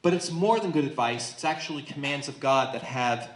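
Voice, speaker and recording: A man teaching a Bible study with emphatic, questioning delivery. His voice sits at a middle pitch. The sound carries a roomy echo. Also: animated, fairly quick. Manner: emphatic, asks listeners questions. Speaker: pastor leading Bible study. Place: church room.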